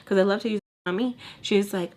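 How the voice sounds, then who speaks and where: A young woman vlogger telling a long personal story, chatty and animated, acting out the other people's lines and saying "like" a lot. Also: medium pitch, fairly quick. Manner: lots of filler "like". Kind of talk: casual storytime while doing makeup.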